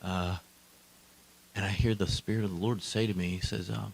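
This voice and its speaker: Emphatic low-voiced male preacher. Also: fairly even intonation, moderate pace, gravelly, pauses often, poor audio. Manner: emphatic, swings between quiet asides and loud declarations. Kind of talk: sermon. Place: church hall.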